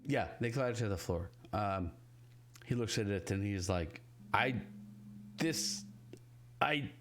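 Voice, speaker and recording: A man's voice: on the low side, moderate pace, darkish tone. A man playing a tabletop role-playing game, stammering and restarting as he speaks in and out of character. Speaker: player.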